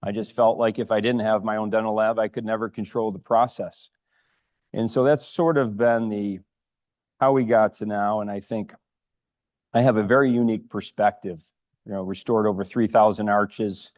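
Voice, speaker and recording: Man giving an unhurried conference talk. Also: fairly low pitch, steady tone, a little mellow, no echo, studio quality. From Rochester, New York. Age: 50s. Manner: unhurried, lots of ums and restarts. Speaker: prosthodontist lecturer. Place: lecture room.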